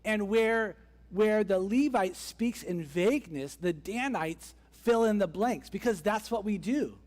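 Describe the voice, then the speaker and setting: A man's voice: high-pitched, lively intonation, unhurried, darkish tone. A man preaching a conversational sermon as a pastor, acting out the characters' voices as he tells the story. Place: church sanctuary. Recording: long church hall reverb.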